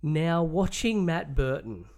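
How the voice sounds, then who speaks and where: An Australian man co-hosting a casual sports podcast, animated and jokey, calling his mate "mate" a lot. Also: fairly high pitch, slow pace. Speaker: podcast co-host.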